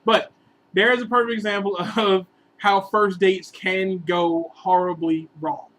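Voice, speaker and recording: A man telling a long, rambling relationship story in a casual vlog, animated and sometimes bursting into exasperated outbursts. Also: high voice, measured pace, rough recording. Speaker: vlogger giving relationship advice.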